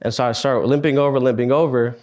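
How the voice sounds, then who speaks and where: A young man in his twenties recounts a personal story to an audience of students. His delivery is earnest and halting, broken up by pauses and heavy sighs, and his voice sits at an ordinary middle pitch. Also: steady tone, a little mellow. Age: 20s. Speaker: speaker at a student fellows meetup.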